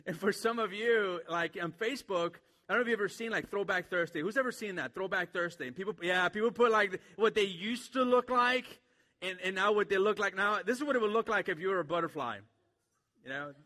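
High bright-voiced male pastor. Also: long reverb tail. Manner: casual, joking, filler-heavy. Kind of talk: sermon. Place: church.

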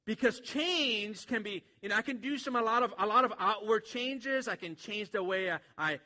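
A man's voice: sits high, normal speed, pushed and bright, long reverb tail. A man preaching a sermon to a church congregation in a casual, joking way, with many fillers. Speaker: pastor.

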